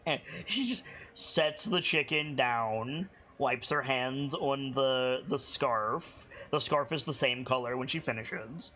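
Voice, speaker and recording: A man narrating a tabletop game as game master, chatty and halting, with frequent swearing and laughter. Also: medium pitch, bright, forceful tone.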